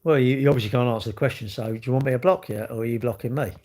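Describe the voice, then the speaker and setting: A man's voice: mid-range voice, rapid-fire, a little mellow. A man on a live stream, answering chat comments bluntly in a rambling way, full of restarts and rhetorical questions.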